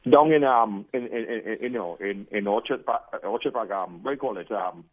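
A man's voice: on the low side, brisk. A man calling in to a radio show, rambling and emphatic, restarting his sentences. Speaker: caller. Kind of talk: phoned-in talk radio call. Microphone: telephone. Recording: tinny phone line.

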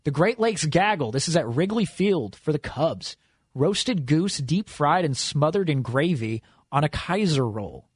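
A man's voice: a little high, very animated, measured pace, husky, no echo, clean studio sound. A man hosting a sports radio show, quizzing his co-host in a playful, upbeat way.

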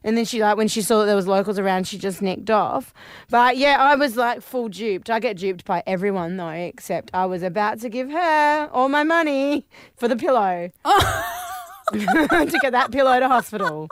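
A woman's voice: on the high side, lively intonation, normal speed, no echo, studio quality. A woman hosting a podcast, chatty and laughing often as she tells stories. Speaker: podcast host. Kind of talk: casual chat.

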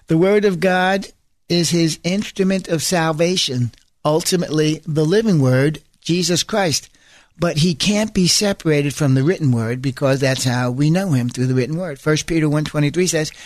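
A male preacher with a fairly high voice, driving his points home through insistent repetition. He slips into chatty asides and corrects himself mid-thought. The recording is dry and close, with no room sound. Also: no echo. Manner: emphatic, repeats phrases for stress; conversational asides and self-corrections. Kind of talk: sermon.

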